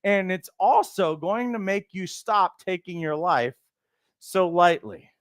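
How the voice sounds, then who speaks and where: A man giving an animated motivational teaching talk as a life coach trainer, acting out the voices he quotes. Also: high-pitched, takes it slowly, dry recording, studio quality.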